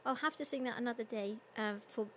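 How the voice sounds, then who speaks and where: Chatty young woman with a higher voice. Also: quick pace, slight background noise. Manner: chatty, giggly, with many ums. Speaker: singer hosting a livestream concert. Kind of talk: casual chat reading viewer comments.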